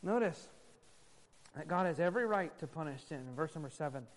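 A male pastor preaching a sermon emphatically, moving from loud stresses to hushed asides. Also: on the high side, animated, brisk, long reverb tail.

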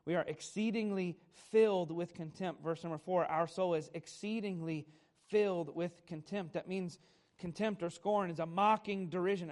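A man preaching a Sunday morning sermon, teaching at a measured pace, stressing key words and putting questions to the congregation. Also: high-pitched, darkish tone. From America. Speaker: pastor.

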